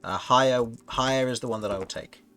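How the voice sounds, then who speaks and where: A man's voice: mid-range voice, brisk, fairly bright tone, faint music behind. A man narrating as game master of a tabletop fantasy game, rambling and correcting himself as he goes. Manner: rambling, self-correcting narration with frequent laughs.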